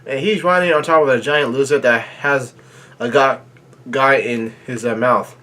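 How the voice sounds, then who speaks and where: A man hosting a live reaction, reading pages aloud haltingly with many fillers and bursting into excited remarks. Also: mid-range voice. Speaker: manga reaction channel host.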